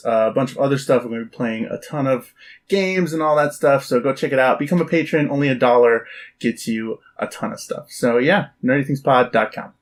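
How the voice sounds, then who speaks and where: A man from Texas co-hosting a casual podcast, upbeat and quick to laugh while plugging the show. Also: mid-range voice. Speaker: podcast co-host. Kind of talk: casual podcast chat and plugs. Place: room shared with co-hosts.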